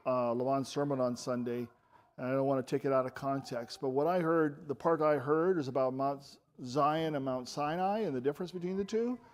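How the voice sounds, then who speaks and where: A man preaching a sermon in a church, earnest, moving between quiet intimate passages and emphatic raised lines. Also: medium pitch. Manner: earnest, swings from soft to emphatic.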